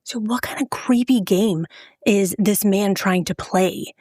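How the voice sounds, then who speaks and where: A woman's voice: mid-range voice, unhurried, no room sound, clean studio sound. A woman hosting a true crime podcast, telling the story in a casual, conversational way and acting out the people she quotes. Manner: conversational, animated when quoting people.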